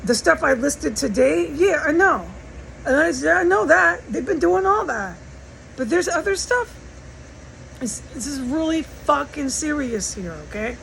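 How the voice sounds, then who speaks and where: A woman's voice: high voice, lively intonation, measured pace, creaky, fairly bright tone, a little hiss or hum, poor audio. An American woman in an agitated, profane, rambling monologue, talking from inside a house. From United States. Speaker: vlogger. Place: indoors in a house.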